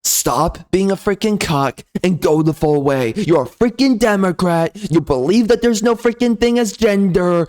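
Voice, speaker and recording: A man delivering a loud, sneering, profane comedy rant as a game reviewer. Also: sits high, lively intonation, moderate pace, few pauses. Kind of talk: ranting comedy commentary.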